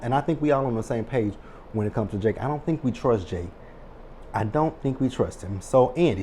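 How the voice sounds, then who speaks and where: A man's voice: fairly low pitch, warm tone, slight background noise. A man giving a casual, chatty recap of a TV episode to his viewers, reading out the scenes and adding exasperated asides. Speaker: TV recap host.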